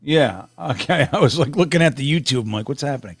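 A man's voice: medium pitch, lively intonation, fast, gravelly, slightly rough, dry recording. A middle-aged man co-hosting a casual sports chat stream, rambling through stories in a laid-back way. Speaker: podcast co-host.

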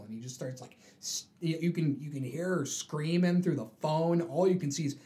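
Mellow-voiced man animatedly retelling a comic. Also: fairly high pitch, brisk, few pauses. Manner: animated storyteller, acts out the characters' voices. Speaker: podcast co-host. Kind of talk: casual chat, retelling a comic book.

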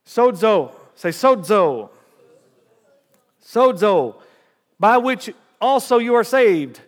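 A man preaching a sermon, reading scripture aloud with rising emphasis and lively call-and-response asides to the congregation. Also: extremely high pitch, a little slow. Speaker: pastor. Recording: long hall reverb.

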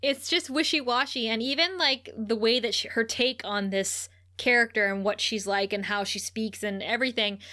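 Bright-voiced, giggly woman recapping. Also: on the high side, normal speed, hardly any pauses. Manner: animated, giggly storytelling. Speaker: podcast co-host. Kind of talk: casual TV episode recap chat.

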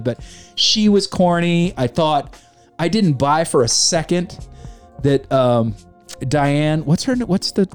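A man casually ranting about a film on his show, animated and mocking, with a faint music bed. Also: a little high. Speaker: podcast host reviewing a film. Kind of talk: casual opinionated chat.

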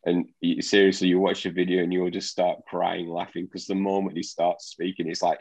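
A man in casual podcast chat, spinning stories about his games. His voice is very deep, with a husky, gravelly rasp. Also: fairly even intonation, moderate pace, darkish tone, low-quality recording. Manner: storytelling, chatty. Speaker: podcast co-host.

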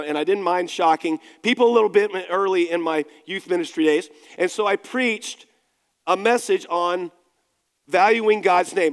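A man's voice: on the high side, clean tone, in a large hall. A male pastor preaching a sermon in a conversational, self-deprecating storytelling manner. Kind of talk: sermon with personal anecdote.

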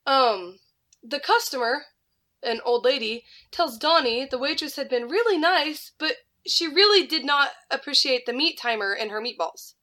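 A woman casually telling a story on a podcast, animated, laughing and swearing freely. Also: sits high, normal speed. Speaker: podcast co-host.

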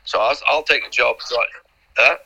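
A man's voice: medium pitch, brisk, gravelly, sharp tone, highs cut off. A middle-aged man, a podcast guest rambling through anecdotes, repeating words and acting out the dialogue. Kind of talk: casual anecdotal storytelling.

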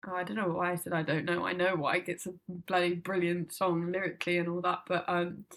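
A young woman in casual chat, rambling and chatty, quick to laugh and swearing freely. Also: on the low side, level tone, fairly bright tone.

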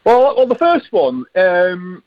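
A man's voice: high voice, big pitch swings, slow pace. Jokey male caller on a dull line. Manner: jokey, rambling, stumbling over words. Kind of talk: phone-in call.

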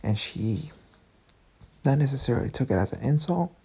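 A young man in his twenties tells a casual story in a low, mellow, gravelly voice with some husky grain. He is frank and profane and speaks straight to his listeners. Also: animated, normal speed. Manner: frank, profane, talks to the audience directly. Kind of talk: casual storytime, swearing freely.

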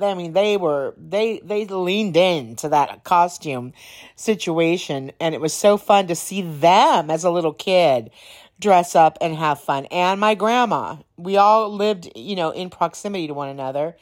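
Podcast host, female, low-pitched, unhurried; casual storytelling with a slight hoarseness. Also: lively intonation. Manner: rambling, laughs while telling stories. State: slightly hoarse, clearing throat.

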